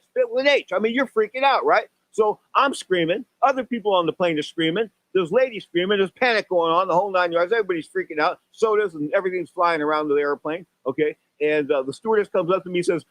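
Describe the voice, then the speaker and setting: Older guy, 60s, boxing radio host, talks super fast and rambly, dry close mic. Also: sits high, dry recording, low-quality recording. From San Francisco Bay Area. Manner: animated storyteller, voice jumps up for exclamations and acted quotes. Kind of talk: rambling radio talk show monologue.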